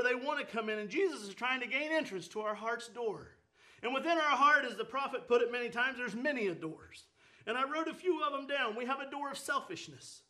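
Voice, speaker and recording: Preacher, male, high bright tone, folksy fervent sermon delivery with repeated phrases.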